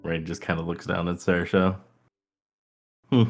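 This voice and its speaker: A man's voice: low voice, little pitch movement, unhurried, soft background music. A man who plays in a tabletop game, talking in an easygoing, rambling and hesitant way. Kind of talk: casual chat after a tabletop game session.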